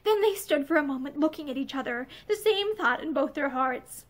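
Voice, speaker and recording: In a room lined with bookshelves, a woman reads a novel aloud as an audiobook reader, with the camera facing her. Her very high voice is gentle and expressive, fairly quick with hardly any pauses, softening to a whisper in tender passages.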